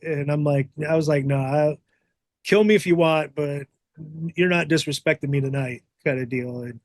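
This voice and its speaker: Middle-aged podcast host guy spinning a rowdy backstage yarn, cussing a lot, slightly high voice, dry close mic. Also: normal speed, dry recording. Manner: animated, profane, acts out quotes. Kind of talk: casual storytelling.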